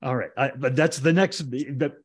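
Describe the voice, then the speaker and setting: A man's voice: medium pitch, steady tone, normal speed, breathy edge. A man hosting a podcast, framing his questions conversationally and often rephrasing mid-sentence. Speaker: podcast host. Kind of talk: interviewing in a business podcast.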